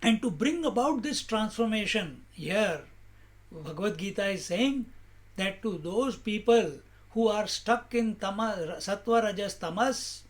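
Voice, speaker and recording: A man giving a spiritual discourse as a teacher, asking rhetorical questions in a measured, emphatic way. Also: high voice, expressive.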